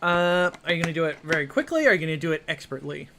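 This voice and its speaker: A man with a bright, slightly high voice runs a tabletop game. He narrates in a loose, rambling way, circling back with "kind of" and "uh" between restarts. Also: animated, rapid-fire, creaky, a little hiss or hum. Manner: rambling, filler-heavy, with many restarts. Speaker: game master.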